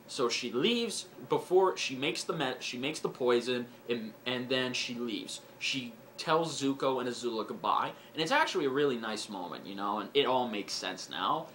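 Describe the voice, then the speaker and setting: A man casually reviewing a book and excitedly retelling its twists, leaning heavily on "you know" fillers. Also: medium pitch, a little hiss or hum.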